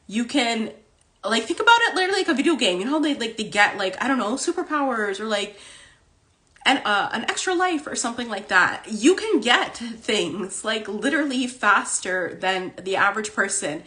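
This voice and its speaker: Woman, livestream host, casual spiritual talk, chatty, lots of "like" and "okay?", bright tone. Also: fairly high pitch, very animated, normal speed. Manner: chatty, fills speech with "like" and "okay?". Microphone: phone on a livestream.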